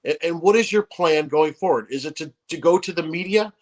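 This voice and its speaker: A male talk show host with a somewhat high voice questions his guest. He speaks haltingly and often restarts his sentences, filling pauses as he searches for words. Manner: hesitant, halting with fillers and restarts. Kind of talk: interviewing a guest.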